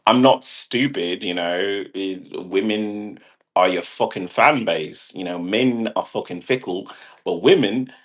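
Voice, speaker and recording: Slow-talking deep-voiced man rambling. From half British. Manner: rambling, swearing, laughing at own jokes. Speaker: vlogger. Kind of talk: casual monologue.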